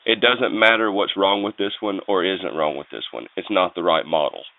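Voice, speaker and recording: Deep-voiced caller, frustrated and pushy, phone-line sound. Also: male voice, moderate pace, creaky. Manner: frustrated, pressing, persistent. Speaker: customer calling support. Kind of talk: phone call.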